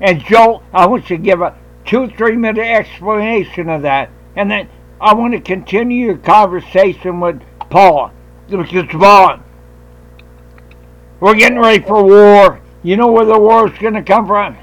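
A man hosting a talk radio show, ranting in a loud, combative and profane way. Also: high-pitched, measured pace, poor audio. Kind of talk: heated talk radio rant.

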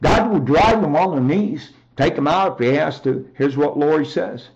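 A man giving a rambling, emphatic personal testimony on a talk show, often raising his voice to near shouting. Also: fairly high pitch, normal speed, creaky, dull audio.

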